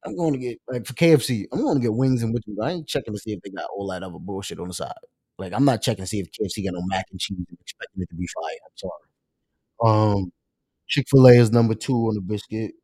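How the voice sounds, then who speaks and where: A husky-voiced man hosting a live stream, talking loosely and casually and swearing freely. His voice jumps up sharply whenever something excites him. The sound is close and dry. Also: lowish voice, quick pace, no room sound. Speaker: livestream show host.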